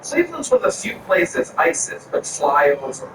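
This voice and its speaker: A man from Florida with a somewhat high voice doing stand-up, ranting crudely. He is heard from a distance in a very echoey room, with steady noise behind him. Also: normal speed. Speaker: stand-up comedian. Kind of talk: stand-up set. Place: comedy club stage. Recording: echoey room from far off, audience ambience.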